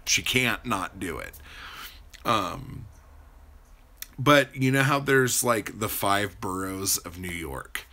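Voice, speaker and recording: A man with a very low, gravelly voice and a bright edge, talking slowly and loosely on a livestream. He rambles from story to story, answers viewers' chat and swears freely. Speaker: livestream host.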